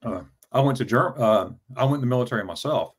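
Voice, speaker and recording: Speaking quickly and with animation, a man in his fifties shares a lengthy personal tale while guesting on a casual interview as a travel vlogger. His mid-range voice is slightly rough, and his delivery is full of stammers, repeated words, and fillers.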